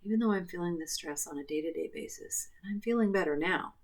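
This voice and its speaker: Calm woman coaching a tapping session. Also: on the low side, fast. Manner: calm, repetitive affirmation phrasing.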